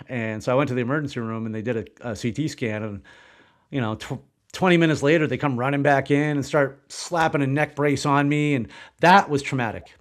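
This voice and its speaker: A man's voice: medium pitch, quick pace. Candid man in his forties telling his story. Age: 40s. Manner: rambling, swears when recounting shock. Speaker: podcast guest. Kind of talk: candid storytelling in a podcast interview.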